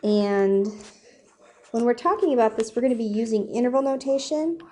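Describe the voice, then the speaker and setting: Young female math tutor, warm and mellow, casual and self-deprecating, keeps asking "okay?". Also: on the high side, expressive, moderate pace. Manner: chatty, self-deprecating, asks "okay?" often. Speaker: math teacher. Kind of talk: casual whiteboard math lesson.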